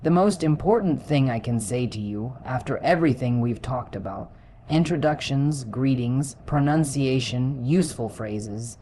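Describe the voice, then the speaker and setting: A man with a British accent narrating a scripted English lesson in a measured, instructive way. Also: medium pitch, expressive, mellow, poor audio. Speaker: English teacher.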